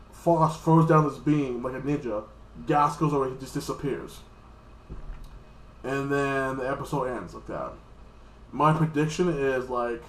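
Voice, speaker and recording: A man's voice: animated, normal speed. Man, american, casual anime episode recap, rambling and profane, echoey room. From United States. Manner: rambling, profane, bursts into high-pitched mock voices. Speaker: anime reviewer.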